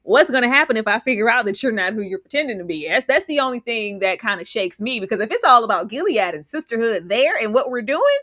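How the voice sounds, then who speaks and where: Woman host, live chat show; lively, high-ish and bright, acts out the lines she quotes. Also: quick pace, few pauses, no room sound, studio quality. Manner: animated, acts out character lines. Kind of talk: casual live show discussion.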